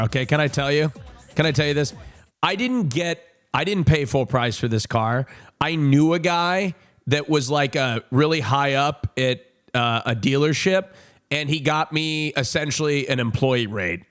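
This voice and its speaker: A livestreamer tells his chat stories in a casual, profane manner, repeating himself and checking in on viewers. His medium-pitched voice is unhurried and a bit bright, with faint music playing behind him.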